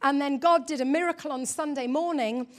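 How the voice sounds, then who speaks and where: High-voiced animated woman preacher. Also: brisk. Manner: animated, emphatic, acts out her own quoted thoughts. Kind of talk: sermon.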